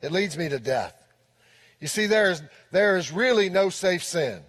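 A man with a notably high voice preaches earnestly from the pulpit, circling back to repeat his key lines. His words ring out with a long reverb through a large church sanctuary. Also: lively intonation, moderate pace, a bit bright. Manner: earnest preaching with frequent repetition of key phrases. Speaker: pastor. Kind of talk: sermon.

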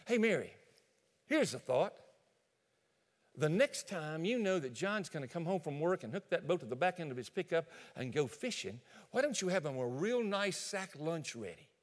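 A male pastor preaching a sermon in an animated storytelling way, addressing listeners directly. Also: a little high, moderate pace, big-room sound.

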